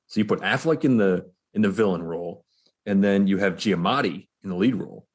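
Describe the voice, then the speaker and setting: Podcast co-host, male, low husky voice, laid-back and opinionated. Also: brisk. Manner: relaxed, opinionated, thinking aloud. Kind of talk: casual chat.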